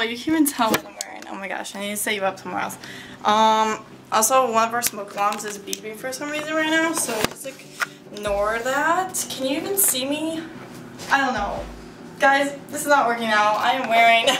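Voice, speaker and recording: A woman's voice: on the high side, background noise. Bubbly young woman vlogging. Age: young adult. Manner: bubbly and rambling, lots of fillers and laughs. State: out of breath. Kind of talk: chatty vlog. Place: her bedroom at home.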